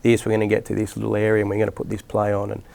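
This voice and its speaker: A man's voice: on the low side, completely flat delivery, racing, creaky, a little mellow. A middle-aged Australian man, a rugby league coach, telling rambling stories in a casual interview with lots of restarts and fillers.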